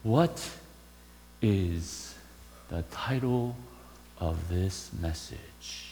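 Male preacher, high bright voice, slow deliberate delivery, long hall reverb. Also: sing-song, a little hiss or hum. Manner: storytelling, asks rhetorical questions. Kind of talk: sermon.

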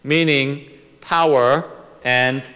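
A man teaching a Bible lesson, explaining slowly and step by step, often restarting his sentences. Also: medium pitch, fairly even intonation, pushed and bright, big-room sound, poor audio.

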